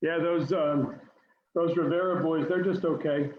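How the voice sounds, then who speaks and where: A man's voice: a little high, steady tone, unhurried. A man hosting a wrestling podcast, chatting with enthusiasm and laughing easily while asking his guest questions. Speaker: podcast host and wrestling parent. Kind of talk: casual interview chat. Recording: dull, roomy remote call audio with faint noise.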